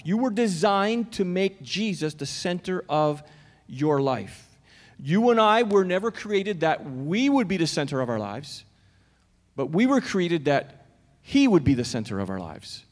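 Male pastor with a high voice, preaching conversationally to his congregation; church hall with a long reverb tail. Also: sing-song, unhurried, darkish tone. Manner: conversational, questions the congregation directly. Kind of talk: sermon. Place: church auditorium.

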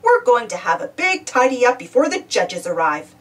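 A woman's voice: fairly high pitch, sing-song, moderate pace, distant mic. A woman voicing a cheerful, hardworking male builder in a storybook reading, kindly and patient.

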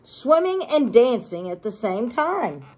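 A preschool teacher reading a picture book aloud to young children, animated and gushing as she talks to them. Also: on the high side, slow.

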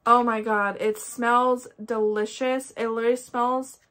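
Chatting casually and with enthusiasm, a young candle-collecting vlogger with an Ohio accent reviews scented wax melts. She talks in an unhurried, level tone, her voice on the high side and a bit bright.

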